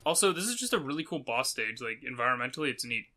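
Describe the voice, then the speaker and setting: A man's voice: mid-range voice, big pitch swings, fast, hardly any pauses, sharp tone. A man hosting a let's play, giving casual gameplay commentary in a rambling way with many fillers and casual swearing.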